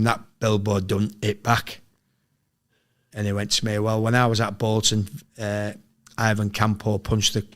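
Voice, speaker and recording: A middle-aged man from England, a former footballer and podcast guest, telling sweary, animated anecdotes in casual chat. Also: lowish voice. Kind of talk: casual storytelling.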